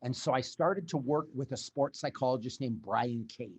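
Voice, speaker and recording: Husky-voiced man, blunt and emphatic. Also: medium pitch, normal speed, darkish tone. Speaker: podcast guest. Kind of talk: conversational interview storytelling.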